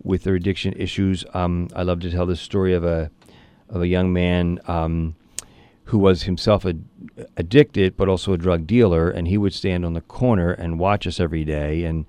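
Deep-voiced priest telling a story. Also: male voice, normal speed, smooth, no echo. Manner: earnest, animated storyteller with frequent restarts. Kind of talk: interview conversation, storytelling.

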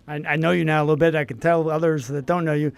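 A male interviewer with a slightly raised pitch and a gravelly, fry-laden voice. He talks in a halting, thoughtful way, stopping and restarting as he reflects. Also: little pitch movement. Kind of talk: interview conversation.

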